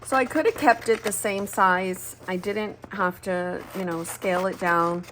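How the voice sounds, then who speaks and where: A woman's voice: medium pitch, unhurried, fairly bright tone, a little hiss or hum. A woman, chatting candidly while crafting, rambling and swearing freely. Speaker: planner crafting vlogger. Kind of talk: casual chat while crafting.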